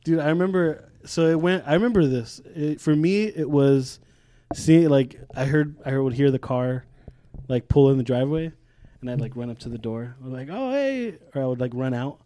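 A young man, a podcast co-host in casual chat, telling stories animatedly, acting out quotes loudly and laughing often. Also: medium pitch, fairly even intonation, moderate pace, no room sound. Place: podcast studio.

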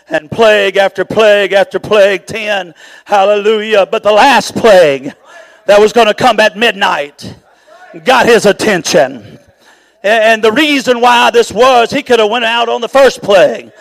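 A man in his sixties preaching a sermon, shouting rhythmic repeated questions with many "uh" fillers, out of breath. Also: high-pitched, poor audio. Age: 60s.

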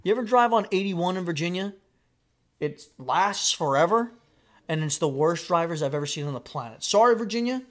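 A young man hosting a casual podcast, blunt and profane, often breaking into loud laughter. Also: sits high, lively intonation, fairly quick. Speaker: podcast host.

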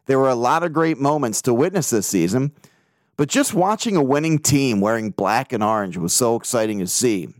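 A man hosting a casual sports podcast alone, excitable and swearing freely as he recounts games and reads out listener emails. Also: medium pitch, normal speed, no room sound, studio quality. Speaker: podcast host.

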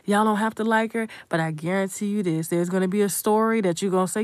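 A woman's voice: mid-range voice, quick pace, few pauses, no echo. A young adult woman content creator giving a blunt, profane, emphatic commentary rant.

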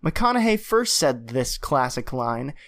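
A man's voice: medium pitch, very animated, measured pace, fairly bright tone, dry recording. A young man hosting a trivia podcast, reading questions aloud in a playful way. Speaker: quiz host.

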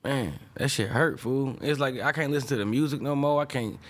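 A man's voice: medium pitch, a little fast. A young adult man, a music producer, talking casually and emotionally in an interview, full of slang fillers and restarts. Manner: rambling, emotional, peppers speech with slang fillers.

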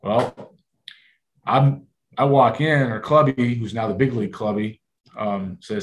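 A man's voice: on the low side, steady tone, a little slow, reverberant. A man, a former ballplayer, casually telling a rambling story full of quoted dialogue.

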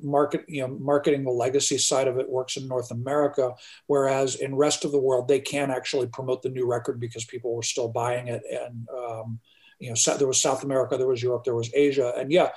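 A man talking casually as a podcast co-host, pausing often with fillers and restarts. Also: medium pitch, darkish tone. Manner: hesitant, many fillers and restarts. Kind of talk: casual chat.

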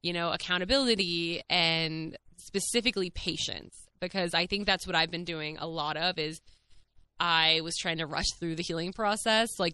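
A young woman talks openly into a close podcast mic, her voice bright and crisp. She is chatty and candid, laughing often and leaning on fillers. The sound is dry, with no room around her. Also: fairly low pitch, moderate pace, no echo. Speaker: podcast host. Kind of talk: casual personal chat.

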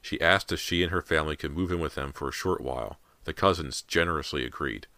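A man narrating a horror audiobook in a measured storytelling manner. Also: rumbling low, pushed and bright, dry recording.

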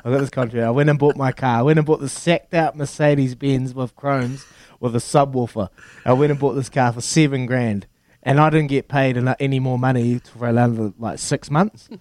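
A man from New Zealand with a New Zealand accent, trading laughs and stories as a breakfast radio co-host. His voice sits at a middle pitch. The mic is dry, with no room sound. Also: steady tone, normal speed, darkish tone, no echo. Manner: jokey, laughing, storytelling. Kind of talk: casual breakfast radio banter.

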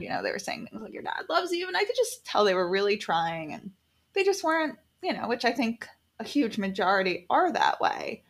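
A woman casually telling a personal story, animated and quoting people in lively voices. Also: on the high side.

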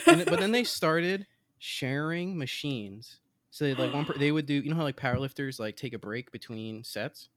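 A man's voice: mid-range voice, animated, brisk, a bit bright. A man chatting casually as a podcast co-host, telling a rambling, self-deprecating story. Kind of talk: casual chat.

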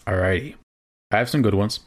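Fairly low-pitched and brisk, this young podcast co-host keeps the chat casual and laid-back, wandering a bit and restarting sentences.

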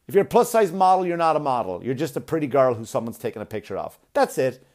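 A man's voice: medium pitch, very animated, quick pace, hardly any pauses, a little mellow. A man on a blunt, profane comic rant, arguing and mocking as he goes. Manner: blunt, swearing, argumentative, mocking.

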